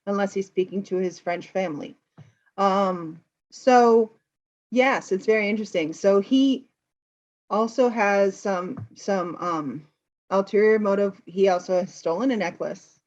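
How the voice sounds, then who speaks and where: An American woman teaching English, retelling a film plot in a lively, explaining way for learners. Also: mid-range voice, normal speed, dull audio. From United States.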